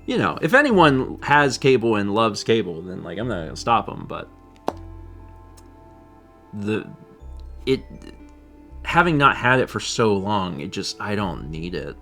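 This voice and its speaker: Animated, jokey male streamer. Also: measured pace, pauses often, faint music behind. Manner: jokey, breaks into high squeaky put-on voices. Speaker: co-host of a live stream. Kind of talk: casual chat, reading chat messages.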